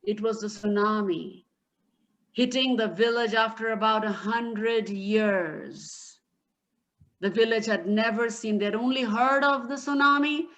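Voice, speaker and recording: A woman telling a folktale aloud with dramatic, animated delivery. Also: on the high side. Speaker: storyteller. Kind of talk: spoken storytelling.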